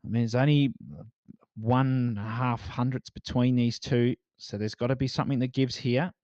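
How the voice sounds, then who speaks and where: A man giving excitable play-by-play commentary on a sim race. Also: mid-range voice, moderate pace, no room sound, muffled recording. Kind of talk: live sim racing commentary.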